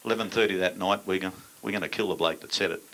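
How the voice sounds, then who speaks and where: A man's voice: low-pitched, rapid-fire, bright, forceful tone. An older man with an Australian accent, a stand-up comedian telling crude yarns with blunt, dry punchlines to a laughing audience.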